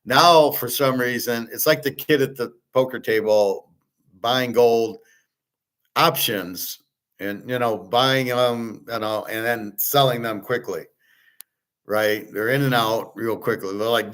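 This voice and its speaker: A man's voice: lowish voice, unhurried, a bit bright, rough recording. A middle-aged man hosting, talking in a blunt, opinionated, rambling way and swearing at times. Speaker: host. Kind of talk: casual rambling monologue.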